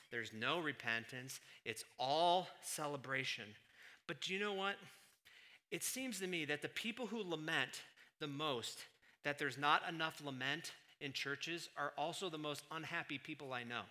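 Bright-voiced man preaching with emphasis. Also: a little high. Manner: emphatic preaching, swings from hushed to loud. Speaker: pastor. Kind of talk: sermon.

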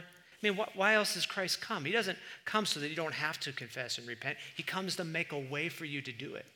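A man delivers a sermon in a sharp, bright voice pitched a little high. He talks conversationally with restarts and asides, then climbs louder to hammer a point home. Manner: animated, rises in pitch and volume for emphasis. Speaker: preacher.

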